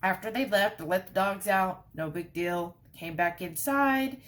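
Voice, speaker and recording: A vlogger with a mid-range voice and measured pace casually tells her viewers a story. Her storytelling is animated and breathless, packed with asides.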